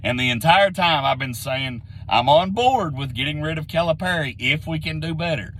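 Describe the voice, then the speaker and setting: A man with a somewhat high-pitched voice rants bluntly and repeats himself for emphasis. He sounds a little hoarse, like he is getting sick. A faint background hum sits under the recording. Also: moderate pace, a bit bright, poor audio. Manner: blunt, repetitive, heated. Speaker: sports commentary vlogger. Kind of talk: opinionated rant to camera.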